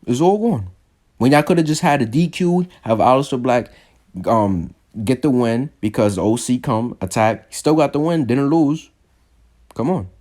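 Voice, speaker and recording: A young man casually reviewing a wrestling show, rambling with lots of fillers and restarts, and jumping up in pitch when he gets exasperated. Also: lively intonation, normal speed, a little mellow. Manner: jumps high when exasperated. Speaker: wrestling podcast host.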